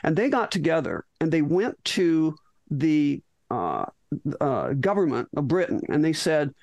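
A woman's voice: low-pitched, very animated, brisk, darkish tone, dry recording. A middle-aged woman, a physician guest in an interview, tells a story animatedly with frequent restarts and acted-out lines.

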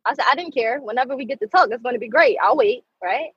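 A woman in her twenties speaks from the heart as a guest on a video call. Her voice is high and very husky. The call audio sounds dry and muffled. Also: expressive, quick pace, no echo. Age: 20s. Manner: earnest, emphatic, speaks from the heart. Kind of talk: heartfelt personal testimony.

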